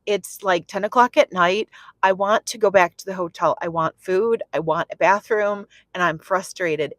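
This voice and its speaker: A woman minister preaching through a personal story, chatty and repetitive, swinging from soft musing to loud, excited exclamation. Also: mid-range voice, dry recording. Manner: repeats phrases for emphasis. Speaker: prophetic minister.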